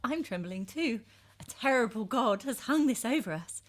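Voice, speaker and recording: A woman's voice: fairly high pitch, animated, moderate pace. A woman performing a passionate, jealous and desperate woman lover in an intense dramatic reading of a verse epic. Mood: tender, intense. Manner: intense, swings from tender to bitter.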